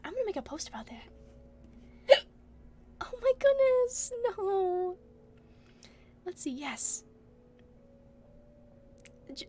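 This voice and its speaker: A young woman streaming, chatting casually, giggling often and hiccuping now and then. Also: very high-pitched. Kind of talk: casual chat.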